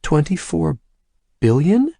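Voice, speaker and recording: An anxious young female executive in a thriller audiobook, her questions rising high and tight with alarm, as a male narrator plays her. The voice lifts well above the reader's usual register, close and dry. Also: lively intonation, quick pace, darkish tone, dry recording, lightly acted. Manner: tense, pleading questions.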